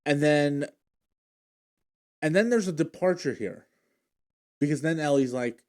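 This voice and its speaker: A man's voice: fairly high pitch, unhurried, long pauses, a little mellow. A man recapping TV episodes in a casual, emotional way, often restarting his sentences as he retells scenes. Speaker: show recap vlogger. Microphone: handheld or desk mic he adjusts.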